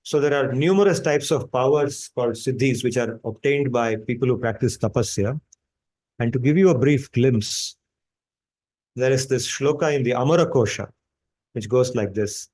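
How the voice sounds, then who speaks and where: A man's voice: mid-range voice, normal speed, darkish tone. Man teaching scripture. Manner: storytelling, explanatory, with many restarts. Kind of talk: explaining scripture in a class.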